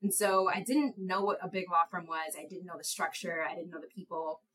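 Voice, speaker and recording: A young woman speaking as an interview guest. Her voice sits a little low for a woman, though she calls it high, and she tells her stories in a lively, self-mocking way, laughing along. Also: a little fast, poor audio. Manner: animated storyteller, laughs at herself, high light voice. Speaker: guest, attorney. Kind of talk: conversational interview.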